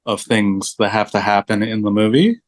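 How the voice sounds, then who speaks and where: A man's voice: on the low side, normal speed. A laid-back man chatting casually about movies as a podcast guest. He talks loosely, leans on fillers and laughs often. The sound is close and dry, with no room echo. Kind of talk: casual film chat.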